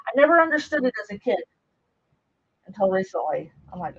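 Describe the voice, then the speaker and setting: A woman's voice: mid-range voice, sing-song, fairly quick, slightly rough. A middle-aged woman hosting a live craft stream, chatting casually and rambling as she works, greeting viewers by name, recorded through a camera mic as she moves around a table in a home craft room. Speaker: craft livestream host. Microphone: camera mic while moving around a table. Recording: dull lo-fi live stream audio.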